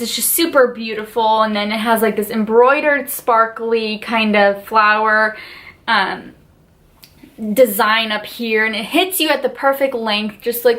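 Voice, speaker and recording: A woman's voice: a little high, a bit bright. A woman vlogger gushing in a casual haul and unboxing video, chatty and full of fillers like "like" and "just".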